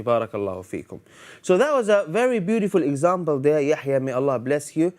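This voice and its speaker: A man's voice: on the high side, big pitch swings, fairly quick, darkish tone. Playful man teaching on live TV. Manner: playful, teasing, asks the viewers questions; sprinkles Arabic phrases into English. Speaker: TV Quran teacher and host. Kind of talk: live TV lesson for children. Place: TV studio.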